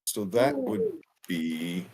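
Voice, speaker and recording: Low, husky man at the game table. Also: huge pitch swings, very slow, a little mellow. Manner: matter-of-fact, working out dice rolls. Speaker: player. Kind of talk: casual chat.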